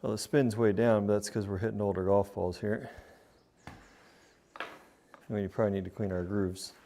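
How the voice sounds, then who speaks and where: Gravelly low-toned guy talking his viewers through warm-up golf swings, repeats himself a lot. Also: little pitch movement, normal speed. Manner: coaching, talks to viewers as a group, repeats himself. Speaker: golf simulator streamer. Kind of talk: casual commentary while hitting practice shots. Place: home golf simulator room.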